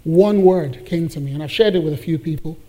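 A man's voice: fairly high pitch, brisk, mellow. A male pastor preaching a sermon to his congregation, emphatic and building in force on key phrases.

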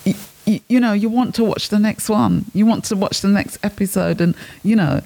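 Bubbly woman, gravelly edge. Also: medium pitch, brisk, mellow. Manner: bubbly, laughs often, teasing. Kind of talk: casual radio chat.

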